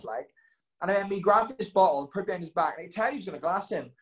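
Fast-talking young man, rambling. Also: a little high. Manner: rambling, many ums and likes. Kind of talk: casual storytelling chat.

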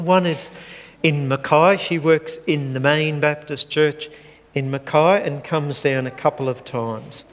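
Older male preacher, slow and earnest, slightly high voice, long church hall reverb. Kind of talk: sermon.

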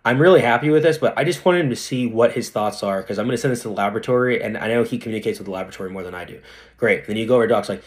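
A young male dentist chatting casually as a podcast guest, animated and slangy, often asking "right?" and calling the listener "dude". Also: mid-range voice, racing.

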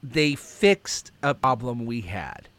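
A man's voice: mid-range voice, animated, slow pace, a bit bright. A man co-hosting a casual podcast, jokey and rambling, laughing often. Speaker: podcast co-host. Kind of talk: casual chat.

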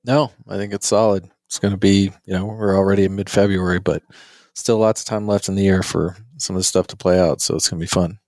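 A man's voice: deep voice, steady tone, quick pace, a little mellow, no room sound. A man co-hosting a podcast in casual chat, with a dry, teasing sense of humor. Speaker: podcast co-host.

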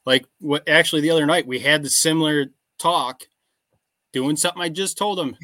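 A man hosting a casual podcast, speaking plainly about his farm and answering with quick short affirmations. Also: fairly high pitch, pushed and bright, no echo. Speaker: podcast host and farmer.

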